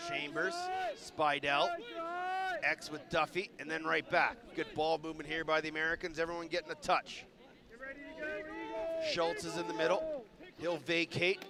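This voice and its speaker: Male lacrosse play-by-play caller, crowd behind. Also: on the high side. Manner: rapid name-calling, rising to shouts on goals and saves. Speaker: play-by-play commentator. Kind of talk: live sports commentary. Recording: loud stadium crowd behind.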